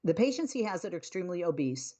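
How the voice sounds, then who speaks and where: Woman, talk radio host, fairly low pitch, emphatic, exasperated, opinionated monologue. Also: very animated, fast talker, dark tone, lo-fi sound.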